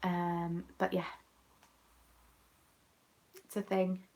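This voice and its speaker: A woman's voice: fairly low pitch, completely flat delivery, very slow, darkish tone. A young woman with an English accent, chatting casually and playfully as a crafting vlogger, often muttering asides under her breath. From England. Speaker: crafting vlogger hosting a chat. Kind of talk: casual chat.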